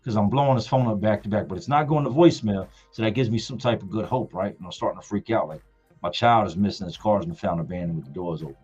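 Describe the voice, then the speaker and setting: A middle-aged man with a low, husky voice tells a story from his family on a casual live stream. He leans on his words and repeats them for effect. The sound is dull and lo-fi, with faint music underneath. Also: fast talker, a little mellow. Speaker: father telling a family story.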